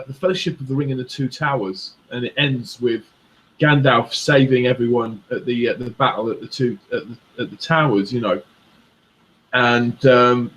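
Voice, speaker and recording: A middle-aged man with a mid-range voice remembers things aloud in a casual chat, pausing on ums and uhs. A faint bed of noise sits behind him. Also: mid-range voice, poor audio. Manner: reminiscing, hesitant with ums. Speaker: podcast co-host.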